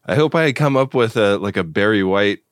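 A man co-hosting a podcast in casual chat, with a hoarse morning voice, telling rambling, self-mocking stories. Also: fairly low pitch, lively intonation, moderate pace, no echo, studio quality. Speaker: podcast co-host.

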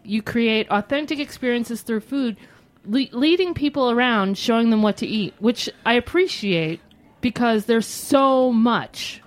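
A woman's voice: on the high side, animated, measured pace, low-quality recording. A woman co-hosting a radio talk show, chatting casually in a teasing, blunt way. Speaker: co-host. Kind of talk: casual banter.

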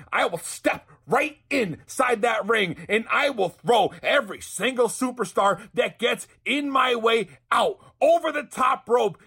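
A brash wrestler barks a boastful, shouted promo in a gravelly, high, bright voice, as a man puts him on. The sound is raspy and cutting. He threatens everyone in his path. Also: heavily acted.

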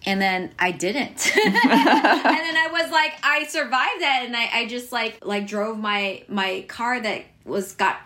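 A woman's voice: fairly high pitch, expressive, slow, sharp tone. An American woman chef telling her story in an interview, chatty and full of fillers and restarts, laughing now and then. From United States.

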